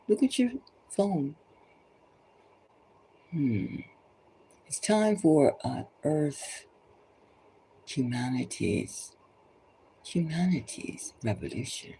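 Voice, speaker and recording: A woman's voice: low voice, big pitch swings, slow pace, creaky, pauses often, mellow, a little hiss or hum, poor audio. A woman tarot reader giving an impassioned, preachy monologue full of urgent repeated exhortations, sometimes dropping to a whisper.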